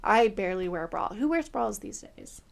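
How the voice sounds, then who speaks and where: A woman's voice: medium pitch, lively intonation, a little fast, creaky. A woman hosting a podcast, recapping TV in casual, opinionated chat full of fillers. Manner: chatty, filler-heavy, opinionated. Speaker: podcast host.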